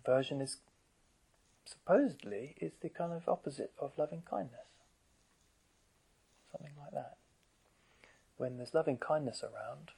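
A man giving a gentle, conversational dharma talk to meditators as their teacher, often asking rhetorical questions. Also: mid-range voice, gravelly, husky, poor audio.

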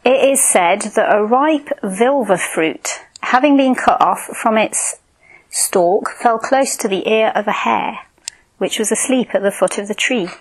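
A woman's voice: medium pitch, measured pace, rough recording. Casual woman giving a dharma talk. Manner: informal, warm, chuckling asides. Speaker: meditation teacher. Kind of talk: dharma talk with story reading.

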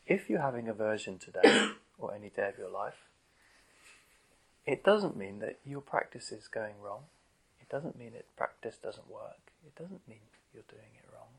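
A man giving a gentle, conversational dharma talk to meditators as their teacher, often asking rhetorical questions. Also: medium pitch, creaky, husky, low-quality recording.

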